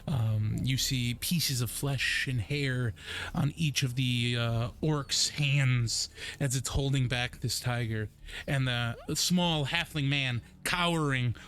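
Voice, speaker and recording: A young man narrating a tabletop game as game master, unhurried and descriptive with frequent ums. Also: mid-range voice, a bit bright. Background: faint background music.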